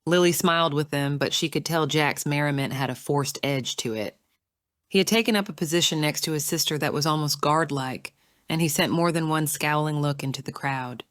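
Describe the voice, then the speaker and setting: Woman reading an audiobook, low and smooth, measured, dry close mic. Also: dry recording. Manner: measured, even storytelling. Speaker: audiobook narrator. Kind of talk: scripted narration.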